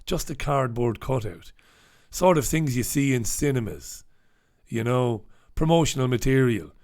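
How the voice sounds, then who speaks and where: A middle-aged host from the United Kingdom runs a casual livestream, reading the papers and greeting viewers with irreverent swearing. His medium-pitched voice is expressive and darkish, a little slow.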